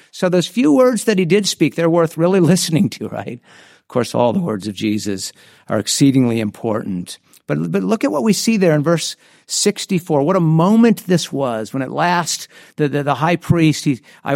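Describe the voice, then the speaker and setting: A man's voice: on the high side, darkish tone, no room sound, studio quality. A man preaching a sermon in an earnest way, often restarting his phrases. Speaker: pastor.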